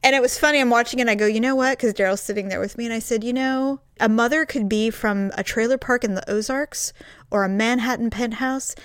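Her voice sits on the high side and moves fast as she co-hosts a podcast, an animated storyteller who acts out quotes in casual conversation. The tone is clean, on a dry recording with clean studio sound.

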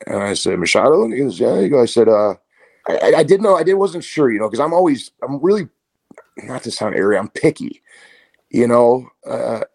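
A man's voice: mid-range voice, fairly quick, creaky, slightly rough. A man, a martial arts coach, talking casually as an interview guest and telling stories with quoted voices. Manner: storytelling, animated with quoted voices.

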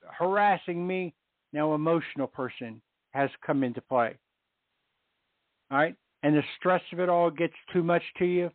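Heard by phone with no room sound, this middle-aged man is a guest on a Catholic radio program. His pitch is fairly high, and his testimony of faith is earnest, with repetition used for emphasis.

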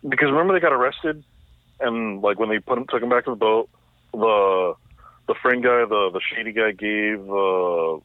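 A man's voice: on the low side, moderate pace, no room sound. A man co-hosting a podcast, insistently explaining his reading of a film in casual chat. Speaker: podcast co-host. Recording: tinny phone-like line.

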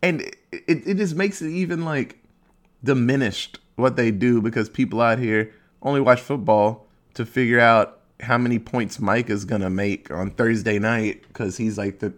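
Rambling, profane podcast guy. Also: mid-range voice. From Ohio, USA. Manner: rambling, profane, self-mocking, acts out quick silly voices. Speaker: podcast host. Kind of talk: casual solo podcast rant.

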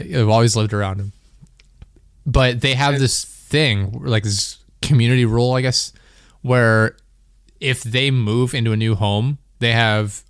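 Animated, laughing male podcast host. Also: on the low side, clear, resonant tone, dry recording, studio quality. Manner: animated storyteller, swears and laughs often. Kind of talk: casual chat.

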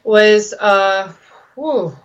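A woman, a regular guest on a talk show, chatting candidly and telling lively stories. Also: very slow, lo-fi sound. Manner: animated storyteller, swoops high when excited. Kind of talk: candid casual chat.

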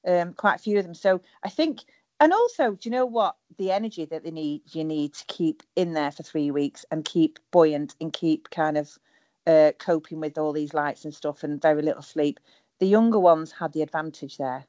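A woman's voice: low voice, normal speed, a little mellow, no room sound, lo-fi sound. A middle-aged woman chatting as a guest over a call, blunt and humorous, swearing freely. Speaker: guest, former reality show contestant. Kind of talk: casual chat over a call.

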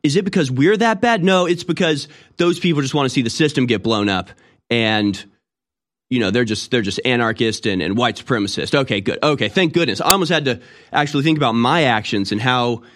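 A male commentator on a mocking, sarcastic rant. His voice is medium in pitch, and he rambles with frequent restarts. He sounds scornful and sure of himself. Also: fairly quick, a bit bright. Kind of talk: opinionated monologue.

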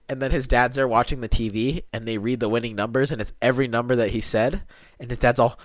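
A man's voice: medium pitch, fairly quick, no room sound, studio quality. A young man co-hosting a casual podcast chat, telling stories with lots of swearing and laughter. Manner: animated storytelling, swears a lot, laughs often. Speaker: podcast co-host.

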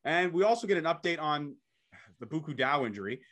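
A young man with a slightly high voice, talking through a recap in casual podcast chat. He hurries through the play-by-play with eager energy, calling "bro" now and then. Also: expressive, a little fast, a bit bright. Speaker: podcast co-host.

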